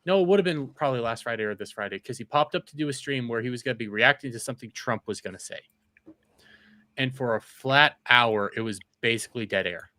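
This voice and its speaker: A man hosting a casual panel chat, swearing freely and animated. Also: medium pitch, fast talker, dry recording. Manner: animated, swears a lot, mimics people mockingly.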